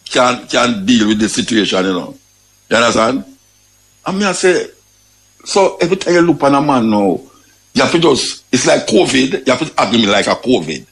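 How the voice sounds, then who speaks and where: A man's voice: medium pitch, vocal fry, a bit bright, poor audio. A man with a Jamaican accent giving emphatic spoken commentary, repeating his points and often saying "you know".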